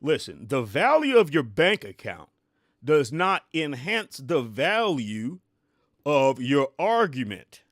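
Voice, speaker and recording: Lively, dry-voiced middle-aged man reacting. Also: medium pitch, dry recording. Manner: animated and exclamatory, talks back at the clip. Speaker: commentator reviewing an interview clip. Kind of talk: casual reaction commentary.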